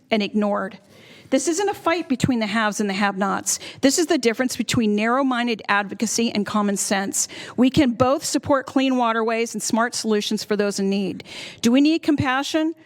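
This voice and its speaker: A woman firmly reading a prepared public comment at a county board meeting. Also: a little high. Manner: firm, reads a prepared statement.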